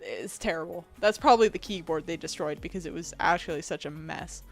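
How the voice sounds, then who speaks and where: A woman game streamer chatting casually with her viewers, reading chat and laughing often, with a fairly deep voice. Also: fairly quick, creaky, faint music behind. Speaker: game streamer and video editor.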